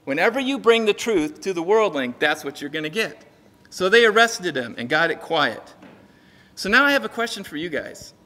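A man's voice: sits high, moderate pace. A man preaching a sermon, joking and acting out little dialogues as he goes. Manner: lively, jokey preaching with acted-out dialogue. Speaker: pastor. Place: church sanctuary. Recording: reverberant church hall.

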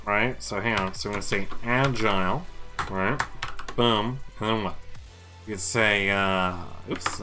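Brief: male developer streaming while he codes, low-ish voice, unhurried, thinks aloud, faint music underneath. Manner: thinks aloud, repeats himself, chats to viewers. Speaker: game developer streaming his coding. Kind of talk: casual live-coding chat.

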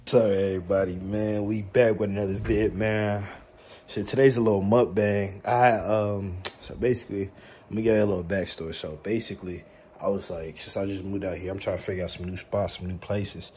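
Young male vlogger, deep-ish and soft-toned, cocky and playful, talks loose street slang to camera. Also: fairly even intonation, brisk, a little hiss or hum. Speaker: mukbang vlogger. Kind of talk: casual slangy vlog chat. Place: his bedroom lit with colored LED lights.

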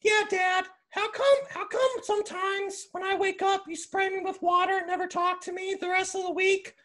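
A squeaky, pleading little son whines up at his dad in a thin, strained voice pitched far above a grown man's , as a man puts it on for a laugh. The whine is nasal and needy, every line a plea. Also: level tone, moderate pace, sharp tone. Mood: whiny. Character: whiny high-pitched young son pestering his dad.

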